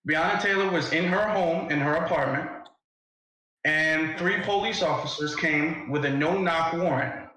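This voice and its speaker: A man's voice: a little high, measured pace, sharp tone, heavy reverb, a little hiss or hum, low-quality recording. A man hosting a live debate, pressing his points and firing repeated questions. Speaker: live stream host. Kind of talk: heated debate.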